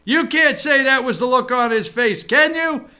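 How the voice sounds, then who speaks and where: A man mimicking an indignant male politician who shouts accusations. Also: very high-pitched, moderate pace, voice pushed up, full character voice.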